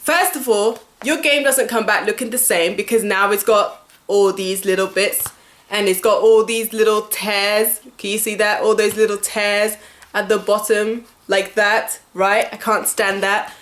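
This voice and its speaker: A woman vlogger ranting casually to camera, animated and exasperated, with lots of fillers and laughs. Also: medium pitch, measured pace, roomy sound.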